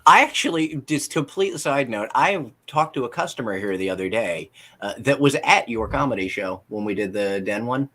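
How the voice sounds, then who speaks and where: A man's voice: mid-range voice, expressive, moderate pace, bright, forceful tone. A man who does computer repairs, chatting casually on a live show with rambling side notes. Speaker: computer repair shop worker.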